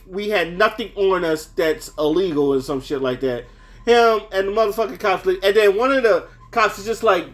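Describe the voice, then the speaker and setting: A young man telling a story in a casual, rambling way, swearing freely and sounding heated. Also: high-pitched. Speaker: vlogger.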